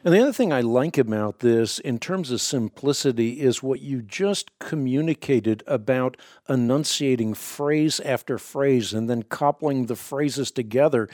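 A man's voice: mid-range voice, no room sound, clean studio sound. A man hosting a Christian radio talk show, speaking earnestly and emphatically about a book. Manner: earnest, emphatic, steady promotional delivery.

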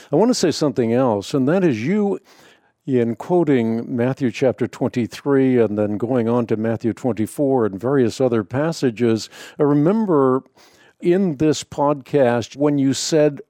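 A man hosting a theological discussion, speaking in a measured way and stressing single words. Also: mid-range voice, dark tone, no room sound, clean studio sound. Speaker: podcast host.

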